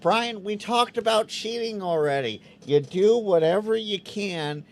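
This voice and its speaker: A man hosting a casual live Q&A stream, reading out chat questions and answering them with quick restarts. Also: sits high. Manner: animated, stammering restarts, acts out quoted voices.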